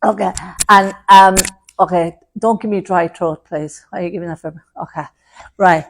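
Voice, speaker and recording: A woman's voice: lowish voice, fairly even intonation, moderate pace. A woman giving a mediumship demonstration to an audience, relaying messages in a chatty way and calling people love and darling. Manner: chatty, warm terms of address, relays messages in quotes. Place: spiritualist centre hall before an audience.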